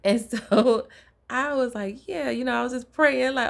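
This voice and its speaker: A woman preaching an informal sermon, telling a personal story in a conversational, lively way. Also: a little high, measured pace, gravelly.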